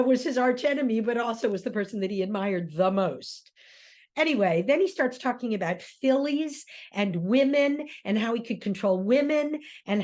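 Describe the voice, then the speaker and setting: A woman's voice: medium pitch, darkish tone. A woman giving a classroom lecture as a theater director, emphatic and full of rhetorical questions.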